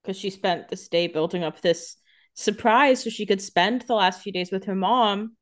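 A woman's voice: medium pitch, moderate pace. A woman co-hosting a podcast, chatting casually and reacting to the episode with comments and laughs. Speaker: podcast co-host. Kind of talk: casual chat.

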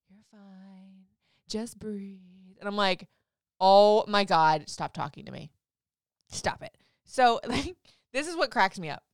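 A young woman vlogger telling a story in a casual, animated way, swearing freely and laughing often. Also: mid-range voice, clean tone, no echo, clean studio sound.

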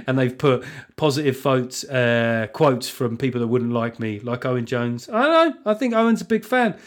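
A man's voice: medium pitch, expressive, moderate pace. A man hosting a comic podcast on his own, blunt and sweary, who laughs at his own jokes. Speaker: podcast host. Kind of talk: comic solo podcast monologue.

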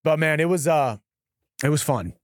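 Chatty podcast host guy, 30s, a bit high pitched, rambles and restarts a lot. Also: expressive, moderate pace, no echo, clean studio sound. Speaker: show host. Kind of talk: casual podcast chat.

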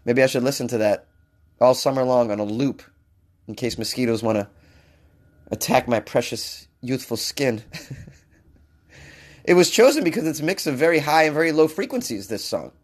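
A man giving casual, jokey commentary while reading out a science news story, with sarcastic asides. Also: mid-range voice. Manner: jokey, sarcastic asides, mock-crooning bits.

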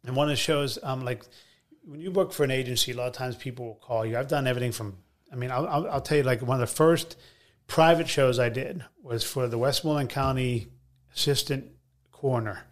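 A male comedian as a podcast guest, telling rambling, animated anecdotes full of fillers. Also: mid-range voice, a little fast. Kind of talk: conversational storytelling.

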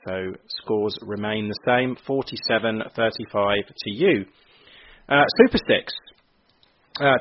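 A man's voice: on the low side, slight background noise. A man co-hosting a football podcast, running the segments with frequent laughs. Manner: laughs often, runs segments. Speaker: podcast co-host. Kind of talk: casual podcast chat. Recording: dull lo-fi audio.

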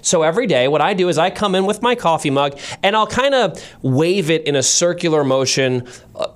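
A man's voice: fairly high pitch, animated, fairly quick. A man co-hosting a morning podcast, chatting casually with many restarts and asides. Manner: rambling, self-correcting, apologetic. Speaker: podcast co-host. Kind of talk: casual chat.

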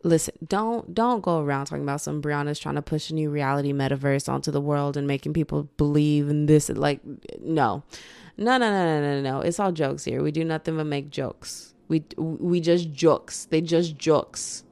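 A sleepy young woman rambles through her solo podcast late at night, chatty and self-mocking. Her voice sits low with a gravelly fry, and the sound is close and dry with no room around it. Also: a little fast, darkish tone, no room sound. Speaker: podcast host. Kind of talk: casual solo podcast chat.

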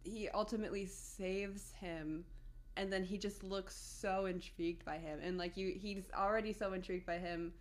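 A woman's voice: mid-range voice, fairly even intonation, normal speed. A woman co-hosting a podcast, chatting enthusiastically about a TV show and quoting favorite lines with frequent laughs. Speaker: podcast co-host. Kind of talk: casual chat about a TV show.

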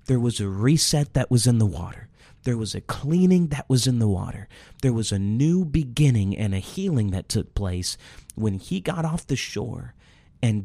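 A man preaching a sermon, retelling a Bible story with animated delivery and acting out the characters' lines. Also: medium pitch, gravelly, dry recording.

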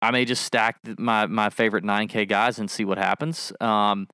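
A man's voice: fairly low pitch, fairly even intonation, moderate pace, sharp tone, clear, resonant tone, no echo, clean studio sound. A man co-hosting a podcast, chatting casually and jokingly, rambling and correcting himself as he goes. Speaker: podcast co-host. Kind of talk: casual fantasy sports chat.

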